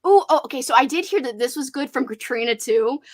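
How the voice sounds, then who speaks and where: A young woman with a slightly high voice chats casually on a livestream, hosting a relaxed talk about books. She speaks loosely, full of "like" fillers, and pauses to read viewer comments aloud. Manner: chatty, lots of "like" fillers, reads chat aloud. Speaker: booktube host.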